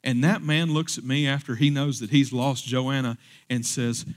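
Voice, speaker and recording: A male pastor preaching in a church. His voice sits at an ordinary middle pitch. He talks in a casual, chatty way and then climbs to loud, emphatic peaks. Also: steady tone, moderate pace. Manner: conversational, building to emphatic peaks. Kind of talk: sermon.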